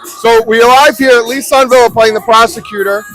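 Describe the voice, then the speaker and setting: A man with a high voice hosts a live red carpet show, casual and eager, often doubling his words as he goes. Faint music plays behind him outdoors. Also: fairly even intonation, a little fast, a bit bright, poor audio. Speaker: host.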